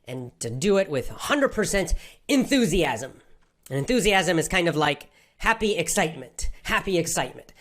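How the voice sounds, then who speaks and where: Low-voiced woman repeating for emphasis. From Athens, Georgia, USA. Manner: simple words, heavy repetition, emphatic. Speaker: English-learning podcast host. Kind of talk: personal story told to language learners.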